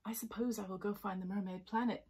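A woman voicing a gentle young mermaid with a soft manner. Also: mid-range voice, steady tone, fast talker, slightly rough, natural voice. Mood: resigned.

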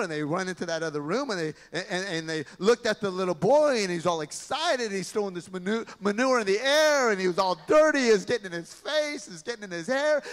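A man preaching a sermon in a church, telling stories in an animated way. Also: high-pitched. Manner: animated storytelling, acting out voices. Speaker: pastor. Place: large church sanctuary. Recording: long reverb of a large church hall.

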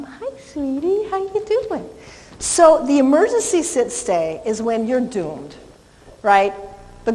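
An animated woman dog trainer talks a class through handling reactive dogs, her voice sitting slightly high. She is casual and chatty, and the sound carries a long hall reverb. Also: slight background noise. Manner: chatty, animated, praises the dog in a soft coo. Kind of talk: live class instruction.

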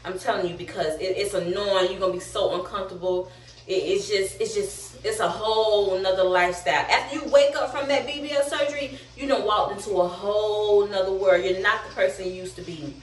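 Speaking a little fast at a medium, steady pitch, a young woman chats through a casual vlog story. Her delivery is candid and slangy, and she's a bit breathless; the room echoes and the mic sits far away.

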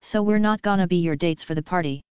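A woman's voice: fairly low pitch, fast talker, darkish tone, clean tone, no room sound, lo-fi sound, natural voice. A woman voicing a snide, blunt, jealous young werewolf woman in an audiobook.

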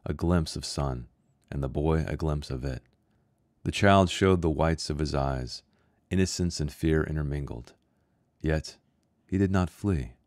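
A man who is an author reading his own short story aloud in a measured, somber way. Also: extremely low pitch, a little mellow, no room sound, studio quality. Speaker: author and host.

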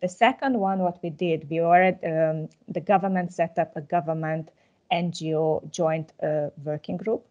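Very low-voiced woman giving an example. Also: steady tone, moderate pace, dark tone, lo-fi sound. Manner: hesitant, many fillers, gives worked examples. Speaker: presenter. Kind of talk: online workshop presentation.

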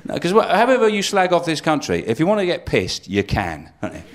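A man doing stand-up, dry and deadpan, slipping into mocking put-on voices. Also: on the high side, brisk, a crowd in the background. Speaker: stand-up comedian. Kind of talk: live stand-up set. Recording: live stage recording with loud audience laughter. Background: audience laughing.

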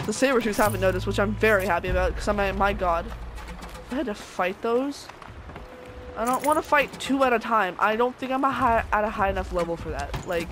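Excitable woman narrating her gameplay. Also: mid-range voice. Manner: excitable, talks to enemies, voice shoots up when panicked. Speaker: gameplay streamer. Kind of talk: let's play commentary.

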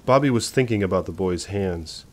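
A man narrating a novel as an audiobook, in a measured, suspenseful reading. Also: low-pitched, expressive, darkish tone.

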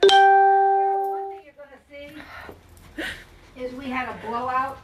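A woman's voice: high voice, animated, takes it slowly, highs cut off, music in the background. A woman who just adopted a dog, chatting and cooing at him in her home. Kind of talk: casual chat.

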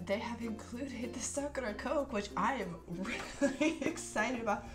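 Woman, casual snack reviewer, excitable and gushing, over background music. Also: a little high, normal speed. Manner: excitable, gushing, bursts into squeals and laughs. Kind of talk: casual snack-tasting chat.

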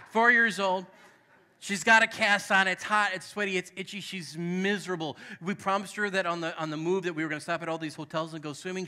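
A man's voice: a little high, pushed and bright. A male pastor from New England preaching a sermon in a church, speaking emphatically and conversationally, calling out to the congregation and telling personal stories with candid asides. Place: church sanctuary.

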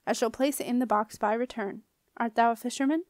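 A formal male alchemist speaks in stately old-world phrasing, measured and solemn, as a woman reading the book puts him on. The voice sits fairly high and sounds dry and close, like a storybook reading. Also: darkish tone, dry recording, close to an everyday voice. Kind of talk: audiobook character reading.

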